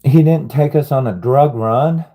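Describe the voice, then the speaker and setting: A man's voice: mid-range voice, unhurried, mellow, poor audio. A man rambling through a live-stream monologue, sighing often, swearing heavily and sounding bewildered and aggrieved. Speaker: livestreamer.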